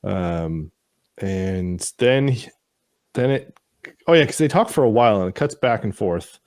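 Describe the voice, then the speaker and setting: Animated man recapping a TV episode. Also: fairly low pitch, unhurried, dry recording, clean studio sound. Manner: animated retelling with mocking voices for the characters; swears casually. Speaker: podcast co-host. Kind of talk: casual TV show recap chat.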